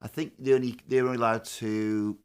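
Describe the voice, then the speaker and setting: A podcast host, telling a football anecdote in a casual, animated way. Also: male voice, mid-range voice, brisk, clear, resonant tone. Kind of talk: casual storytelling chat.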